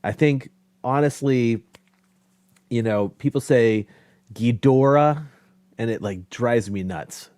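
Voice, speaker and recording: A man, a podcast host guesting on a live stream, talking casually and enthusiastically, laughing often and slipping in quick asides. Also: mid-range voice, a little mellow, dry recording.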